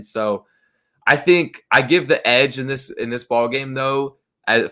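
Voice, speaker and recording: A man's voice: mid-range voice, a bit bright. A young man hosts a sports betting segment in his natural speaking voice. He talks casually and confidently through his picks, with loose fillers and conversational asides. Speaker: sports betting show host.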